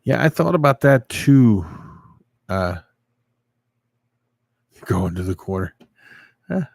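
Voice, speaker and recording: A man's voice: mid-range voice, very animated, slow, gravelly, darkish tone, no echo. A man hosting a casual livestream, answering viewers and rambling through a story. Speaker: livestream host.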